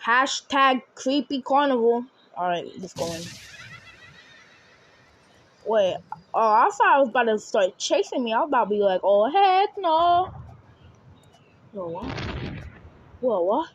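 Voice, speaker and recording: A young woman recording herself playing a game, talking to viewers and shouting and screaming as she plays. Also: a little high, animated, moderate pace, long pauses. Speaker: gaming video creator. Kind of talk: live gameplay commentary. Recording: faint background noise.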